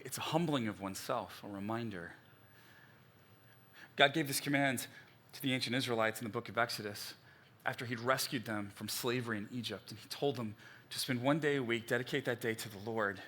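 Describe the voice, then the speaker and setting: A man's voice: medium pitch, bright, forceful tone. A man preaching a sermon as pastor, in a conversational storytelling way with joking asides. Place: church.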